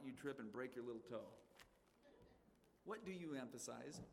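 A man's voice: mid-range voice, fairly bright tone. Folksy pastor man in an echoey hall. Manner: folksy storytelling, calls listeners "folks" and "man". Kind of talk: sermon. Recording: long echo with faint background noise.

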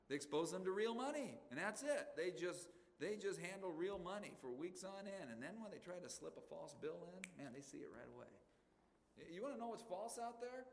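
A man's voice: on the high side, a little hiss or hum. A man from the western United States preaching a sermon as pastor, emphatic and conversational, firing off rhetorical questions to his church. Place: church sanctuary. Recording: long reverb of a large hall.

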